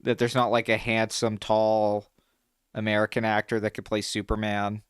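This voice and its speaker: A young man co-hosting a casual chat, animated and swearing freely, his pitch jumping when he gets excited. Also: normal speed, smooth, no room sound, studio quality. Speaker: podcast co-host.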